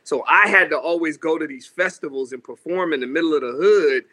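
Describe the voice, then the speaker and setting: A man in his thirties from Seattle, a musician telling stories in a casual interview, lively and acting out quotes. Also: fairly high pitch, a little fast. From Seattle, USA. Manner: animated storyteller, acts out quotes, says "you know what I mean" a lot. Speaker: musician guest.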